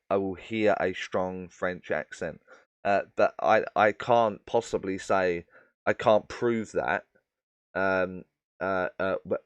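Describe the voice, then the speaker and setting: A man's voice: lowish voice, no room sound. A man hosting a live question-and-answer stream as a medium, explaining at length with many fillers and addressing viewers by name.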